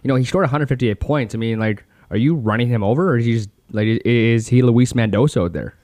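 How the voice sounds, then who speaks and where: A man's voice: medium pitch, fast talker, darkish tone, dry recording. Man, podcast co-host, casual, chatty, dry room. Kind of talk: casual interview chat.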